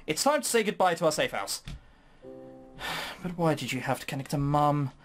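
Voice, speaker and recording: A guarded young man speaks low and clipped, reproachful and tense. A game player voices him while reading a visual novel aloud. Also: expressive, moderate pace, faint music behind, close to an everyday voice. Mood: stern.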